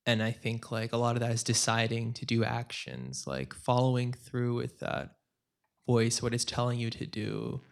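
A man asks a question from the floor of a talk. He speaks hesitantly, in a gravelly voice with lots of fry, and often circles back to restart his point. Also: mid-range voice, normal speed. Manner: hesitant, many fillers and restarts. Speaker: audience member asking a question.

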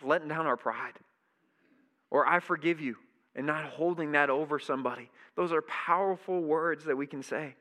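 Bright-voiced man preaching with emphasis. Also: fairly high pitch, moderate pace. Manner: animated, emphatic preaching with repeated phrases. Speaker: pastor. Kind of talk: sermon.

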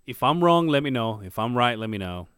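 A man's voice: medium pitch, a little fast, smooth, dry recording, studio quality. A man in his forties co-hosting a casual podcast, telling stories with lots of swearing and acting out the people in them. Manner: animated storyteller, acts out voices, swears freely. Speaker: podcast co-host. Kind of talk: casual chat.

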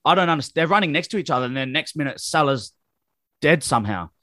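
A man's voice: on the high side, lively intonation, fast, pushed and bright, no room sound, clean studio sound. Blunt, swearing man ranting about football. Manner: blunt, profane, heated ranting. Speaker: podcast co-host. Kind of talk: casual football chat.

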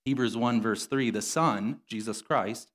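A man preaching a sermon in a church, conversational and animated, acting out the people in his stories. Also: medium pitch, a little slow. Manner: conversational, animated storytelling with voiced quotes. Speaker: pastor.

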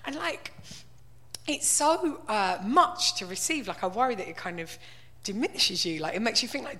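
A woman's voice: medium pitch, animated, normal speed, fairly bright tone. A woman giving a wry, conversational stand-up style talk full of "like" and "right?". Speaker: comedian.

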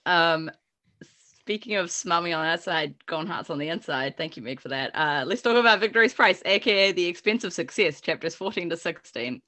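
A woman's voice: lowish voice, a little fast. A woman co-hosting a podcast, chatting casually with frequent laughter and swearing, then reading a recap. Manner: animated, laughing, swears freely. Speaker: podcast co-host.

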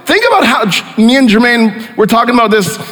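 A pastor preaching a sermon with emphatic repeated phrases, dropping quieter for scripture. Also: male voice, extremely high pitch, sing-song, a little fast, big-room sound.

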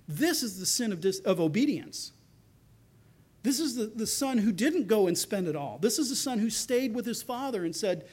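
Preaching as though to a live congregation, a high-voiced male pastor animatedly performs quoted lines from the story, rising in intensity before settling back into explanation. He's expressive, a bit quick, and somewhat mellow.

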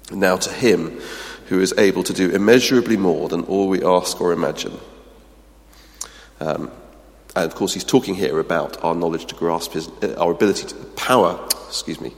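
A man's voice: low voice, in a large hall. A man preaching a sermon, earnest and emphatic, often restarting with ums, then leading a closing prayer.

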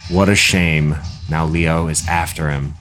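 A man co-hosting a podcast in casual chat, wisecracking and laid-back, and lively when he plugs his training business. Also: rumbling low, measured pace, soft background music. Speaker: podcast co-host and personal trainer.

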